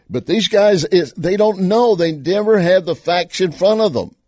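A man's voice: sits high, animated, measured pace, dark tone, dry recording, studio quality. A man with a Texas accent giving sarcastic political commentary on video clips. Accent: Texan. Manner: sarcastic, scornful.

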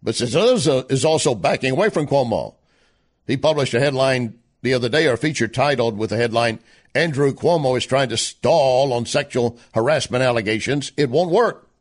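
A man's voice: mid-range voice, moderate pace. A man hosting a political talk show, delivering a sarcastic monologue full of rhetorical questions. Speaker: radio talk show host.

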